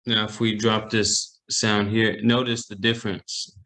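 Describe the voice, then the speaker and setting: Slow, low-voiced man teaching online. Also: little pitch movement, bright, forceful tone, low-quality recording. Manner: patient, explains slowly and repeats example phrases. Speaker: language teacher. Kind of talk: online language lesson. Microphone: computer mic on a video call.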